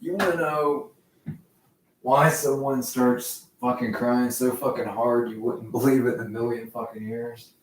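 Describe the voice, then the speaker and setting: A man rambling to himself, swearing often, laughing and swinging between loud outbursts and low muttering. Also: steady tone, unhurried, a little hiss or hum. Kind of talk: rambling solo talk. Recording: echoey room, mic far off.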